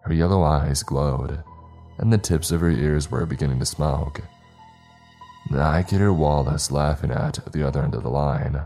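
A man's voice: extremely low pitch, normal speed, mellow, faint music behind. A man narrating a scripted horror story in a wry, casual storytelling manner.

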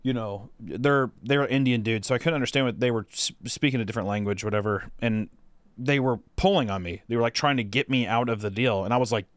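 A man's voice: mid-range voice, fast talker, dry recording. A young man co-hosting a podcast, telling a long story in a casual, rambling way with lots of fillers and swearing. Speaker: podcast co-host.

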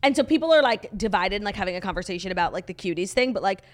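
A young woman co-hosting a casual podcast, spilling reality-show drama in a chatty, gossipy way. She tells the story with animated energy and fills it with "like". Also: medium pitch, racing. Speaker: podcast co-host. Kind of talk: casual chat.

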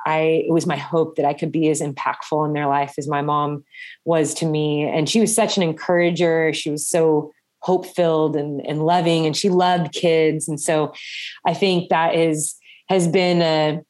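A woman's voice: sits low, darkish tone. A woman in her forties, a guest in a casual podcast interview, talking in a heartfelt, emotional way with frequent laughs and restarted phrases.

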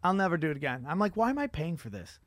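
A man hosting a podcast, telling stories in an animated, profane comedic rant. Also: fairly high pitch, rapid-fire, no room sound, clean studio sound. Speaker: podcast host.

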